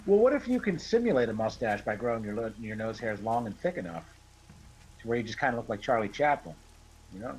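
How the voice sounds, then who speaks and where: A man's voice: medium pitch, big pitch swings, fast, a little mellow, a little hiss or hum, rough recording. A man chatting with friends on a game stream, joking and ranting with lots of swearing. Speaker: gamer on a group stream. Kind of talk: casual chat.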